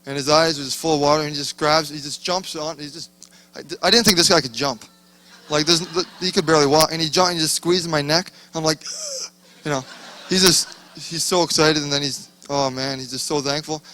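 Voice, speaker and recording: Bright-voiced man telling a rambling testimony. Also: a little high, fairly even intonation, fairly quick, slight background noise. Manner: rambling, self-interrupting storytelling. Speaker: conference attendee sharing a testimony. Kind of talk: casual testimony.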